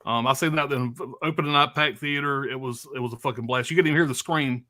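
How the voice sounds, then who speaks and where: A man's voice: mid-range voice, quick pace, bright, forceful tone. A man co-hosting a casual movie stream, talking enthusiastically with profanity and hesitant fillers. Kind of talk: casual live-stream chat.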